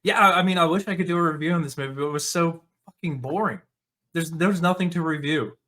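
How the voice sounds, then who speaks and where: Sarcastic man with a higher voice. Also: quick pace, sharp tone. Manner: sarcastic, mocking. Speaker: movie commentary host. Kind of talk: casual commentary.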